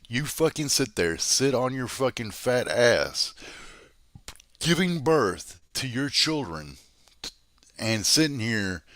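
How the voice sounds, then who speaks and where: A man's voice: medium pitch, fairly bright tone, no echo. A man hosting a drama commentary stream, berating someone in a heated, profane rant.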